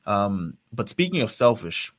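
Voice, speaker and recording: A podcast co-host with a fairly low voice chats casually, rambling, laughing a lot and swearing. He's very animated but unhurried.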